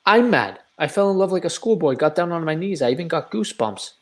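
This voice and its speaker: An actor reading a blustering lovesick landowner in a live video-call play reading, stammering through impassioned declarations. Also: male voice, a little high, expressive, fast, lightly acted. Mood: exasperated.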